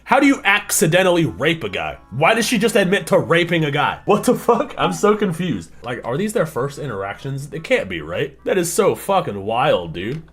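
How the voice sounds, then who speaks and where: A man's voice: fairly high pitch, big pitch swings, moderate pace, few pauses, fairly bright tone, breathy edge, soft background music. A young man streaming a reaction, swearing and exclaiming in disbelief as casual commentary. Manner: incredulous, profane, exclaiming.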